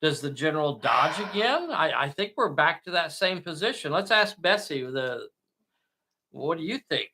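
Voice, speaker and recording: A man's voice: on the high side, very animated, normal speed, pushed and bright, slightly rough. A man hosting a solo tabletop game, narrating the action with play-by-play enthusiasm and often addressing viewers as boys and girls.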